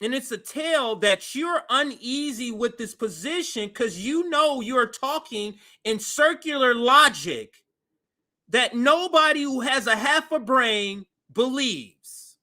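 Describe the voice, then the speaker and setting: Host commentator, male, high and very bright voice, incredulous and mocking. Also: expressive, slow. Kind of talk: reaction commentary on a news clip.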